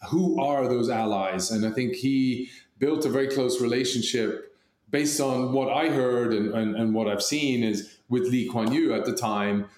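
A man's voice: medium pitch, darkish tone, roomy sound. A man in casual podcast chat, rambling with many fillers and restarts. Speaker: podcast co-host.

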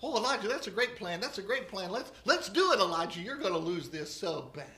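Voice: mid-range voice, animated, brisk, pushed and bright, voice pushed down. A preacher voicing a boastful crowd of sun-god worshippers in a cocky, taunting way. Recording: roomy echo.

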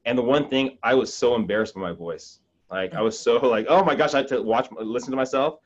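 A man's voice: mid-range voice, a little fast, dull audio. A man speaking as a podcast guest in casual chat, encouraging and coaching, often repeating words as he starts. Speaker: podcast guest, real estate agent.

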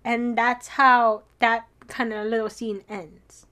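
High-voiced young girl gushing over a show recap, giggly and excitable. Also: slow. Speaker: co-host recapping a drama. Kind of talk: casual chat.

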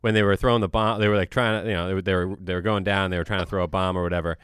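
A man chatting casually, telling his story haltingly with many restarts. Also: low voice, steady tone, a bit bright, smooth, dry recording, studio quality. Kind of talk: casual chat.

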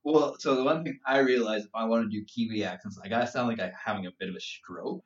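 A Canadian man chatting on a podcast, telling animated stories and laughing often. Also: on the low side, fast talker, far from the mic. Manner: animated storytelling with frequent laughter. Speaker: podcast co-host. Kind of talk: casual chat. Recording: roomy, dull, from off-mic.

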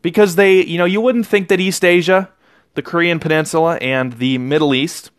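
A man's voice: fairly high pitch, fairly even intonation, moderate pace, dry recording, clean studio sound. Rambling man hosting a podcast. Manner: rambling, with frequent self-corrections. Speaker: podcast host. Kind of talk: casual political commentary monologue.

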